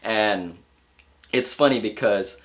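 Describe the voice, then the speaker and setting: A man's voice: fairly low pitch, takes it slowly. Stuffy-nosed young man rambling a review. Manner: rambling, loose, with many fillers and restarts. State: stuffy and sniffly from allergies. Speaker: movie reviewer. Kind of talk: casual spoken film review.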